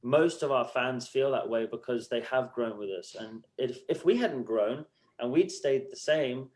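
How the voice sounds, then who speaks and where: A man's voice: mid-range voice, a little slow. Man animatedly telling stories. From United Arab Emirates. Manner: animated storyteller, acts out quotes, swears freely. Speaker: musician guest. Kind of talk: casual podcast interview.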